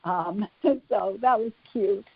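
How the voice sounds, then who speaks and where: Animated woman telling stories, lo-fi. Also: mid-range voice, slow pace, gravelly, slightly rough, no echo. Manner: lively storyteller, animated and laughing. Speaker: psychic-medium guest. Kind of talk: storytelling in an interview. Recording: dull lo-fi dry sound.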